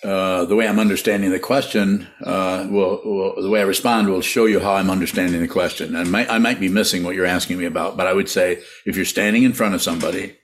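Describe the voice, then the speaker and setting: A man teaching meditation and answering listener questions, halting often and repeating words, with frequent laughs. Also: deep voice, fairly even intonation.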